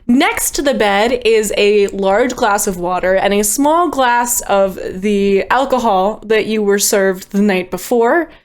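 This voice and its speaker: A woman's voice: medium pitch, slow pace, hardly any pauses. A woman narrating scenes as game master of a tabletop game, easygoing and descriptive, with small chuckles.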